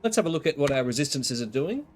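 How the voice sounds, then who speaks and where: A man talking through his gameplay in a loose, chatty way, with a lively, bouncing pitch. His voice sounds stuffy from the flu. He pokes fun at himself and pauses often. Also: faint music behind. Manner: chatty, self-deprecating, lots of pauses. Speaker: gaming video creator. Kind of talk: casual gameplay commentary.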